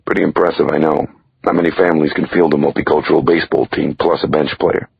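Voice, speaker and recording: Very deep gravelly male narrator. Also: flat delivery, quick pace, no echo. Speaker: audiobook narrator. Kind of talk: scripted audiobook narration. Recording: dull dry lo-fi recording.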